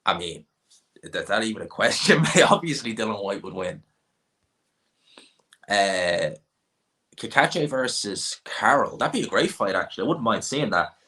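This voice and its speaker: Low-voiced man chatting on a livestream. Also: sing-song, bright, forceful tone. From Ireland. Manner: rambling, offhand, quick asides. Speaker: livestream host. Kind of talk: casual livestream chat reading comments.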